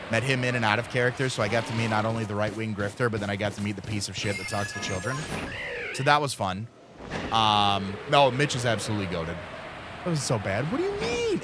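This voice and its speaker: A man in his thirties, a streamer, telling a rambling casual story full of fillers and little acted voices. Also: fairly low pitch. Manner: rambling, lots of fillers, acts out friends' voices.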